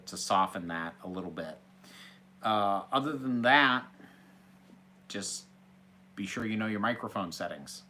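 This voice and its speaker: A man's voice: low voice, normal speed, sharp tone, slight background noise. A man hosting a casual Q&A, reading out viewer questions from a small office and answering them in a chatty, hesitant way with restarts. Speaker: host.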